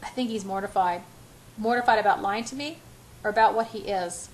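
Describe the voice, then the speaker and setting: A woman's voice: mid-range voice, fairly quick, low-quality recording. A woman reading a first-person romance novel aloud in a breathless, emotional way. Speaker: audiobook reader.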